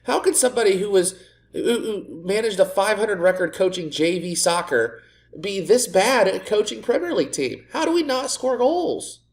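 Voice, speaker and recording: A man's voice: sits high, expressive, moderate pace. A man commentating as he plays a football management game, sarcastic and exasperated, often ranting at his own team. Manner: sarcastic, exasperated self-mocking rants. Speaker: gaming video creator. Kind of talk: let's play commentary.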